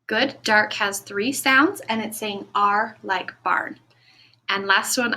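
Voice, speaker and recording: Slow, bright-voiced woman teaching phonics. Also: mid-range voice. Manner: slow, clear, encouraging classroom delivery; stretches and sounds out words. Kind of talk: recorded phonics lesson for children.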